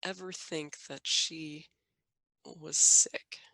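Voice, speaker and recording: Woman, lowish voice, chatty storytelling, lots of fillers, dry close mic. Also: fairly even intonation, very slow, gravelly, bright, forceful tone, dry recording. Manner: chatty, frequent fillers and laughter. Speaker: podcast guest, mother. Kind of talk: casual storytelling.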